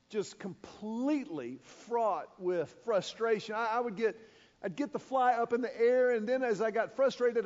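Brief: high-voiced male preacher, animated storyteller, muffled recording. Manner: animated, acts out sound effects. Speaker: pastor. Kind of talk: storytelling sermon. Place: large church auditorium. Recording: echoey church hall, dull sound.

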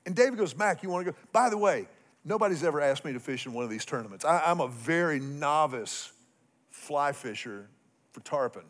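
Animated storytelling male pastor. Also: on the high side, moderate pace. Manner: animated, humorous storyteller with swings in loudness. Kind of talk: sermon with storytelling.

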